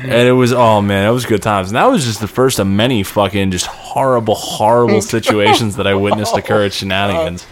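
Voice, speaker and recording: A young man telling crude stories in casual chat, swearing constantly and laughing his way through loud retellings. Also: fairly quick, hardly any pauses, a crowd in the background. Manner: profane, rowdy, laughs into high-pitched retellings.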